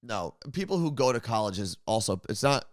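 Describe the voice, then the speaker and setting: A man's voice: on the low side, very animated, moderate pace, dry recording, studio quality. A man co-hosting a casual livestreamed talk show, teasing his co-host and reading out chat comments. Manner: teasing, reads chat comments, laughs often.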